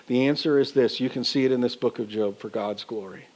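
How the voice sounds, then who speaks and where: A man's voice: medium pitch, brisk, a little mellow. A male pastor preaching a sermon in a folksy, colloquial way, asking the congregation rhetorical questions.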